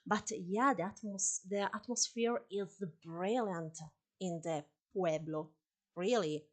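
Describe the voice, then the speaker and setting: A woman's voice: mid-range voice, slow. A woman with an Italian accent, a live streamer chatting casually while she plays, laughing often and apologizing for her English. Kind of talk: live-stream gameplay chat.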